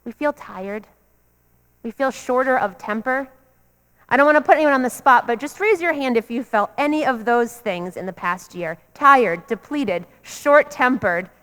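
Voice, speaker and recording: High-voiced woman preaching in a reverberant church. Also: expressive, normal speed, fairly bright tone. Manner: earnest, repetitive preaching cadence. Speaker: pastor. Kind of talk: sermon. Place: church sanctuary.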